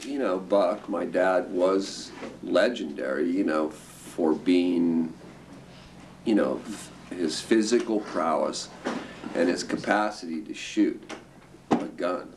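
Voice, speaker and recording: An older man from the Northern California coast telling rambling, lively family stories with frequent chuckles at a museum talk. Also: deep voice, slow pace. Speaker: storyteller guest. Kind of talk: anecdotal storytelling. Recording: distant mic with background noise.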